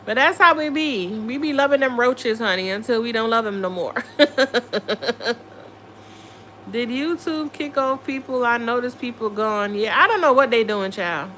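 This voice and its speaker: A woman's voice: a little high, lively intonation, measured pace, a bit bright, slight background noise. A woman tarot reader chatting casually on a live stream, giddy and playful from lack of sleep, swearing freely. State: running on no sleep.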